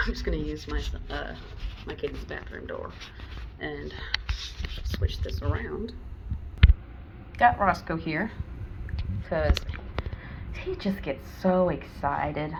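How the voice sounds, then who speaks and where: A woman dog trainer explaining training at home in a chatty way, bursting into high-pitched praise for her dog. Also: noisy background. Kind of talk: casual instructional video. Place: home, indoors. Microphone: camera mic.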